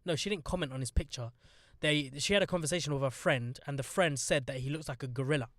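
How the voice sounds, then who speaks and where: A man's voice: on the high side, fast talker, a bit bright, no room sound, clean studio sound. A young man hosting a casual podcast, blunt, sarcastic and swearing freely. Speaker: podcast host.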